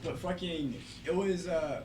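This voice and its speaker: A man's voice: a little high, a little slow, a little mellow, distant mic. A man in a casual group podcast chat, speaking bluntly with heavy swearing. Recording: roomy, off-mic, noisy.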